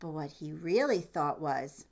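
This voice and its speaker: A woman's voice: low-pitched, lively intonation, a little slow, vocal fry. A woman reading a children's picture book aloud, asking the listener questions about the pictures as she goes. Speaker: storytime reader.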